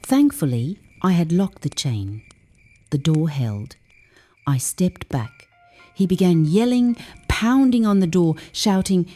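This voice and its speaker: A woman narrating a first-person story for English learners in a slow, measured way, dropping to whispers at the tense moments. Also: lowish voice, expressive, dark tone, soft background music.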